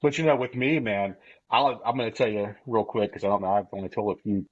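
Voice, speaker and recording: An excitable man tells a podcast story with heavy swearing, acting out his own lines as he goes. The sound is muffled and dry, with no room echo. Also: lowish voice, brisk. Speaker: podcast co-host. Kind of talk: casual storytelling chat.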